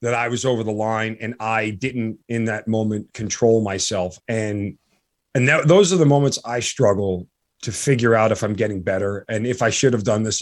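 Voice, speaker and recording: A man hosting a podcast in a halting, earnest way, full of restarts, and audibly emotional. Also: lowish voice. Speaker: podcast host. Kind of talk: casual interview chat.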